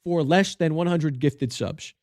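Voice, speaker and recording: A man's voice: fairly high pitch, measured pace, darkish tone, a little hiss or hum. A man talking casually to his livestream chat, goofy and joking as he reviews game cards.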